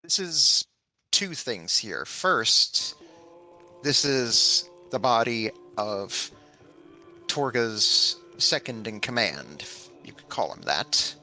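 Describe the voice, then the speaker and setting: Man with a sharp, bright voice. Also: mid-range voice, sing-song, slow, soft background music, poor audio. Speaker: player. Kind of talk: in-character tabletop play.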